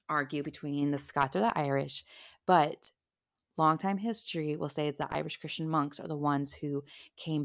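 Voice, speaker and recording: A young woman hosts her own podcast in a casual, chatty way, poking fun at herself as she goes. Her voice sits a little low with a gravelly edge. The sound is dry and close. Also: no room sound. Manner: chatty, self-deprecating, animated. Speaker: podcast host. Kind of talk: casual solo podcast chat.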